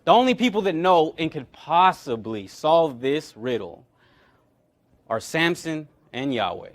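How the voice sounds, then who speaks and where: A man's voice: fairly high pitch, a little slow. A man preaching a sermon, retelling a scripture story and acting out the characters' lines. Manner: animated, acts out quoted characters. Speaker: pastor.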